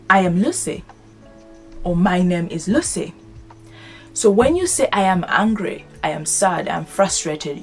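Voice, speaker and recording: A young woman vlogger summarizing a self-help book in a casual, earnest way, often repeating and rephrasing her phrases. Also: fairly low pitch.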